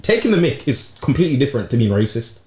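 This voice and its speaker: A man's voice: medium pitch, rapid-fire. A young man with a Birmingham accent co-hosting a podcast, arguing his point animatedly in casual slang. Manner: animated, argumentative, slang-heavy. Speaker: podcast co-host. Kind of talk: casual chat. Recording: echoey room.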